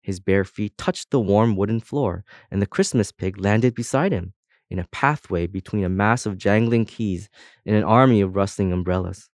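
A man narrates a storybook with expressive, lively storytelling. His voice sits fairly low, and the recording is dry and close to the mic. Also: moderate pace, no room sound. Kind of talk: audiobook narration.

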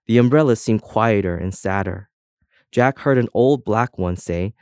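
A man's voice: on the low side, measured pace, clear, resonant tone, no room sound. Man narrating a storybook, dry close sound. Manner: expressive storytelling, voices each object. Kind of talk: audiobook narration.

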